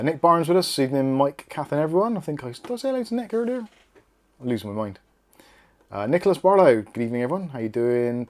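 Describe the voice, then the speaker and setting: A man with a Bristolian accent hosting a casual live stream. He chats, jokes and reads viewer comments aloud. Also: mid-range voice. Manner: chatty, jokey, self-deprecating asides.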